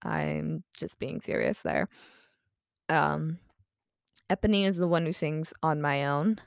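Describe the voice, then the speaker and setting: A woman's voice: low-pitched, slow pace, creaky, no echo, studio quality. Tired, rambling young woman vlogger. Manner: rambling, self-deprecating, many fillers. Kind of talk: casual chatty vlog.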